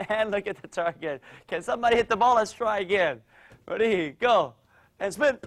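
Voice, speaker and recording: A man's voice: high voice, normal speed. A man teaching a kids' martial arts class, calling out drills with energy in a studio. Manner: energetic coaching, calls out drills.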